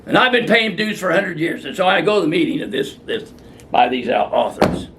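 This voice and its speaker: A man's voice: fairly high pitch, big pitch swings, fairly quick, fairly bright tone. An older male physician answering viewer questions in a blunt, fiery and profane way, ranting at length. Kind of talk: unscripted question-and-answer talk.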